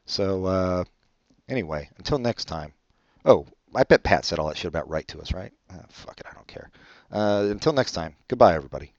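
A man's voice: low-pitched, lively intonation, brisk, highs cut off. A man hosting a podcast on his own, rambling casually in a self-deprecating way and often trailing off. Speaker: podcast co-host. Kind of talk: rambling solo podcast chat.

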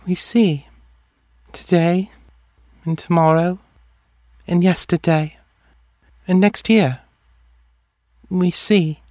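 A man's voice: sits high, steady tone, takes it slowly, pauses often, darkish tone, dry recording, clean studio sound, voice pushed up. A man voicing a dreamy young woman seer who speaks in a distant, detached way, like someone talking through a dream. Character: eerie dreamy young female seer, half-plant.

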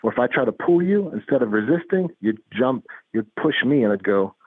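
A man's voice: mid-range voice, sing-song, fairly quick, husky, no room sound. Man, interview guest, earnest, repeats himself mid-thought, dry sound, tinny line. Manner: earnest, repeats words while building a point. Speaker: psychologist guest. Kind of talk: interview, explaining with stories.

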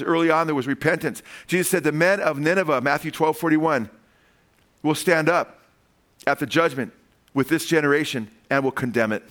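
A man preaching from the pulpit in a slightly high voice. He swings between loud emphatic lines and soft asides, asking his listeners "amen?" as he goes. He acts out the people in his stories as he preaches. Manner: animated preaching with frequent "amen?" calls to the congregation; acts out quoted voices in storytelling. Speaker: pastor. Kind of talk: sermon.

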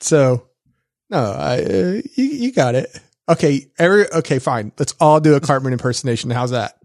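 Playful, slightly high-voiced man. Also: lively intonation, moderate pace, creaky, darkish tone, no echo, clean studio sound. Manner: playful, joking, rambling with restarts. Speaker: podcast co-host. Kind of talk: casual podcast banter.

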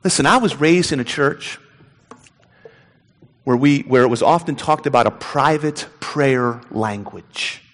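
A man preaching a sermon as a pastor, animated and mocking babbling prayers as he goes. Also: mid-range voice, a little slow, in a large hall.

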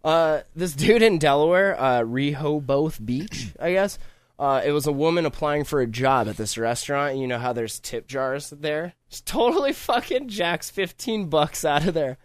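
A man's voice: fairly high pitch, moderate pace, no room sound, studio quality. A man hosting a podcast, talking in crude, casual banter and often dropping into mock voices. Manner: animated, profane, slips into mock voices. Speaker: podcast host.

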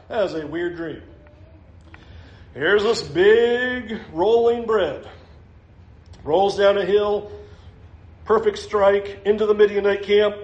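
A man preaching a sermon, animated and often laughing as he acts out the voices in a Bible passage. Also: high-pitched, reverberant. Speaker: pastor.

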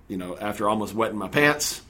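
A man earnestly retelling a personal story in a relaxed conversation, acting out the lines of the people in it. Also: fairly low pitch, a little fast. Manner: earnest, animated retelling with acted-out quotes. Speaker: guest telling his story.

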